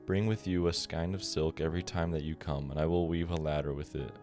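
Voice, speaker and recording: A man's voice: very deep voice, steady tone, brisk, over music. A man reading as a young maiden in a tower. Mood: earnest.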